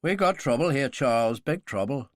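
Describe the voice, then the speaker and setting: A man's voice: mid-range voice, expressive, moderate pace, no room sound, studio quality, close to an everyday voice. A man voicing a hard-edged male operative who talks in a sardonic, blunt way.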